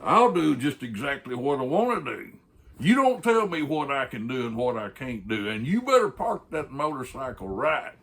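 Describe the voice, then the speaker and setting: A man's voice: big pitch swings, moderate pace. A man voicing a blustering, angry male company boss in a raised, strained voice while telling a story. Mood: indignant. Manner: shouting, high and strained.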